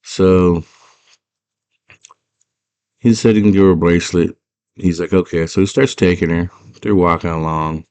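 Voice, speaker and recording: A man's voice: deep voice, fairly even intonation, unhurried, long pauses, darkish tone, clean tone. A man casually retelling a movie plot, rambling and slangy with lots of fillers. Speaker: movie fan.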